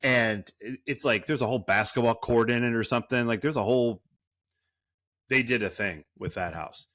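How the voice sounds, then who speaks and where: A man's voice: medium pitch, moderate pace, fairly bright tone, no echo, studio quality. A man co-hosting a movie podcast in casual chat, rambling and cursing, full of fillers and restarts. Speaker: podcast co-host.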